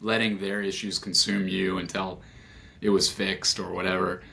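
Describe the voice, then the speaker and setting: A man's voice: low-pitched, flat delivery, moderate pace, gravelly, bright, forceful tone. A man hosting a podcast interview, reflecting thoughtfully on his guest's story. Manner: reflective, searching for words. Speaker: podcast host. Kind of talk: casual interview talk.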